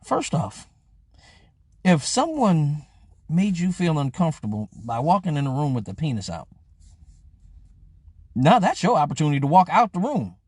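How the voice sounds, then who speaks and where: A man's voice: a little high, big pitch swings, moderate pace, long pauses, darkish tone, husky, no room sound. A man in casual live-stream chat, blunt and profane.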